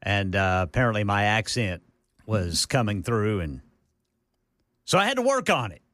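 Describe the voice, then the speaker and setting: Bright-voiced man from Oklahoma. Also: fairly low pitch, very animated, normal speed, dry recording, studio quality. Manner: laughs along, chiming in briefly. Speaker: news reader on a radio show. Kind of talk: casual on-air banter. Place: radio studio.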